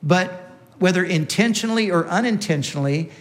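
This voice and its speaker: A man delivers a sermon in a steady teaching manner. His voice sits a little high for a man. He often restarts a phrase and repeats the words he wants to stress. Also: brisk. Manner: teaching, with frequent restarts and emphatic repetition. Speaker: preacher.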